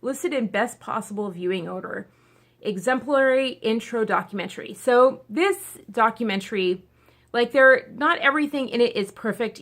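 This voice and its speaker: A woman's voice: mid-range voice, fairly bright tone. A woman talking casually to her camera, chatty and emotional, teary from crying, with many fillers and tangents. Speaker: video blogger.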